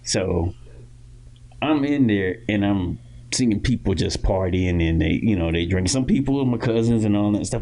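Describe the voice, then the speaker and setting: A deep-voiced young man from Florida tells long stories in loose, rambling podcast chat. He spins one anecdote into the next, his low voice steady between frequent fillers and restarts. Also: normal speed. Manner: animated, loud impressions of others in quoted lines. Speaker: podcast co-host. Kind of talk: casual storytelling chat.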